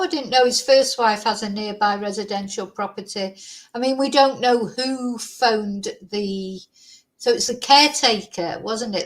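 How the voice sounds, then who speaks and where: Woman, casual livestream host, rambling chatty talk. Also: medium pitch. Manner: chatty, rambling, thanks viewers.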